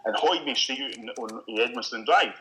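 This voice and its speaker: A Scottish man, a guest, telling an animated story in casual chat and swearing freely. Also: medium pitch, moderate pace, slight background noise, poor audio.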